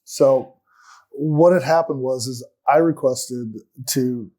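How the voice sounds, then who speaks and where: A man telling his own story in an earnest, aggrieved way as a talk-show guest. His voice is mellow and warm, set in an ordinary middle pitch, and his sentences often sink to a quiet finish. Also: slow pace.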